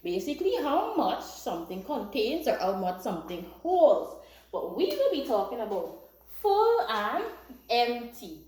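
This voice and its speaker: A woman teaching a young class, her fairly high voice swooping up and down as she coaxes and praises in a sing-song way. The recording carries the echo of the classroom around her. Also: very animated, a little slow, a little mellow. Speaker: primary school teacher. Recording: echoey room.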